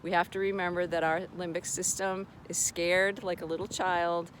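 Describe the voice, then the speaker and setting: A woman's voice: on the low side, level tone, normal speed, a little hiss or hum. A woman talking casually to camera, sharing brain retraining advice in an earnest, reassuring way with storytelling asides.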